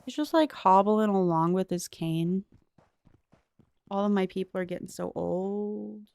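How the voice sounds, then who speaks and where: A woman's voice: medium pitch, measured pace, gravelly, a little mellow, dry recording. A young woman streaming a cozy game, chatting with viewers and thinking aloud in a curious, talkative way. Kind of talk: casual gameplay commentary.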